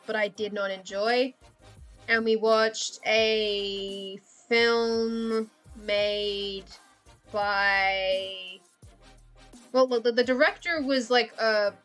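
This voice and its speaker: A woman's voice: mid-range voice, fairly bright tone. A woman chatting casually and rambling while she draws on a livestream, swearing, laughing and putting herself down. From Australia. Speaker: livestreaming artist. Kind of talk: casual chat while drawing on stream.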